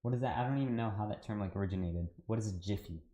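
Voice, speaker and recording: Low-voiced man chatting while he cooks. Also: very fast, dark tone, muffled recording. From United States. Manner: rambling, chatty, says "dude" often; talks to chat while cooking. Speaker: cooking livestreamer. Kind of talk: casual livestream chat.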